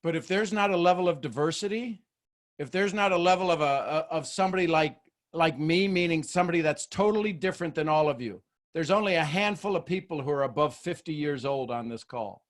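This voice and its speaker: A man's voice: a little high, a little fast. Joking motivational man on a call. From Texas, USA. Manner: joking, animated, preacher-like. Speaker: host of a leadership call. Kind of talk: motivational talk on a group call. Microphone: video call.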